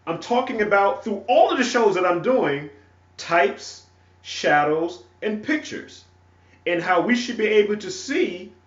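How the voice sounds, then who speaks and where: The voice, on the high side, belongs to a male ministry teacher with a country twang from rural North Carolina. He teaches a religious lesson while writing on a board, speaking haltingly and repeating himself, often asking "all right?". The audio is dull lo-fi from an echoey room, with him far from the mic.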